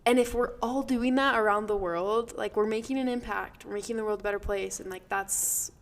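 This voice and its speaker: A woman hosts a casual interview in a voice of middle pitch. She meets her guest's stories with eager, affirming replies and adds her own reflections. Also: fairly even intonation, a little fast. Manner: warmly affirming, enthusiastic reactions. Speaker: podcast host.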